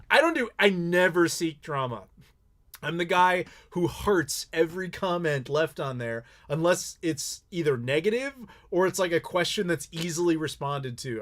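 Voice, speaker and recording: A male YouTuber hosting a casual live Q&A, talking bluntly and swearing freely as he tells stories. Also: a little high. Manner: candid, blunt, swears freely, animated storytelling. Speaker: YouTuber host.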